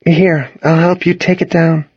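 A man's voice: on the high side, flat delivery, measured pace, husky, no echo, lo-fi sound, pitched above the performer's own voice. A man reading an audiobook, putting on the voice of a guarded, moody young woman with a cool, clipped manner.

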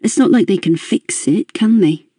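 A reader voicing a guarded young woman who speaks calmly, in a stiff and formal way. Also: medium pitch, normal speed, slightly rough, no room sound, studio quality, lightly acted.

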